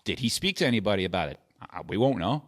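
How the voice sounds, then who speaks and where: A man's voice: lowish voice, animated, fast talker. A man in casual podcast chat as a guest, rambling with restarts and swearing freely. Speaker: podcast guest and video editor.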